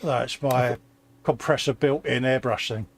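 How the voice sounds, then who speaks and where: A British man co-hosting a hobby stream, chatting in a relaxed way and dropping dry quips while he airbrushes. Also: medium pitch, unhurried. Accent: British English. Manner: laid-back, laughs often, dry quips. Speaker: co-host of a model-building stream. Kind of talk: casual chat while airbrushing.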